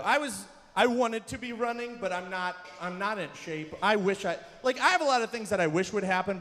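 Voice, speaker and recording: A young man doing stand-up comedy at a live event, telling self-deprecating stories with sudden shouts. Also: sits high. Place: large hall, live event. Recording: long hall reverb from a live venue.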